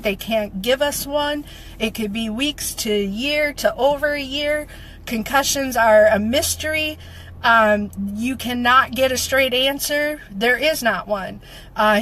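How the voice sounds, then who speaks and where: Woman vlogger, slightly high voice, emotional and rallying, repeats her lines for emphasis, close to tears. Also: a bit bright, poor audio. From Minnesota. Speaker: motivational vlogger. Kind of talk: heartfelt direct-to-camera update.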